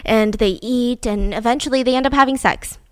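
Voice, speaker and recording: A young woman tells a true-crime story in a loose, gossipy chat, acting out the quotes as she goes. Her voice sits a little high. The recording is dry and close, with no room around it. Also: brisk, clean tone, no room sound. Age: young adult. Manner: chatty, acts out quotes, laughs often. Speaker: podcast host.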